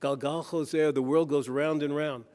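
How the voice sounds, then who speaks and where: A man's voice: fairly high pitch, steady tone, normal speed, darkish tone. A man delivering a conference keynote speech, weaving jokes and anecdotes into a preacher-like cadence. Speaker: keynote speaker. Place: conference hall. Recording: long reverb in a conference hall.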